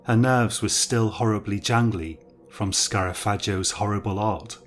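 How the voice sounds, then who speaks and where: A man narrating a horror story in a measured, grave, scripted way. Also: on the low side, fairly even intonation, soft background music.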